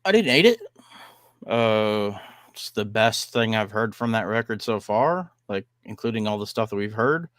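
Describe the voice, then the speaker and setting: A man hosts a casual music podcast, rambling through his thoughts with plenty of fillers and blunt swearing. His voice sits a little low. The sound is dry and close. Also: expressive, normal speed, a bit bright, dry recording. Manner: rambling, lots of "like" and "um". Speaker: podcast host. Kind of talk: casual music review chat.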